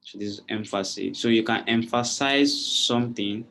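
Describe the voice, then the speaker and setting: Low-voiced man teaching a design class. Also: moderate pace, vocal fry, pushed and bright, slight background noise. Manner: repeats checking questions to students. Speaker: design instructor. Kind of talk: live online class.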